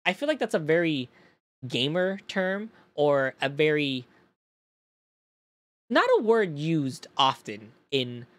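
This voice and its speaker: Animated man telling stories casually. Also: a little high, slow, pauses often, no echo. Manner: animated storytelling, swears, rambling restarts. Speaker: streamer. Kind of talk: casual chat.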